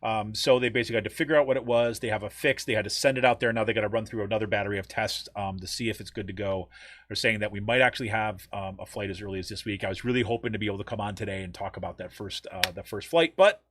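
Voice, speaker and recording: Male podcast co-host, American, low-pitched, dry mic, meandering casual delivery. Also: quick pace, a bit bright, dry recording. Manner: rambling, many ums and restarts. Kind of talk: casual news chat.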